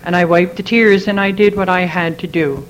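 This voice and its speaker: A woman's voice: on the low side, steady tone, moderate pace, highs cut off. A middle-aged woman giving a heartfelt personal testimony at a recovery meeting. She tells her story earnestly and repeats phrases as she goes.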